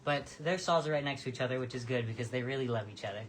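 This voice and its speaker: A volunteer caretaker, out of breath, chatting affectionately during a live-stream barn tour. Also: female voice, extremely low pitch, rapid-fire, a little hiss or hum, poor audio. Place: horse barn.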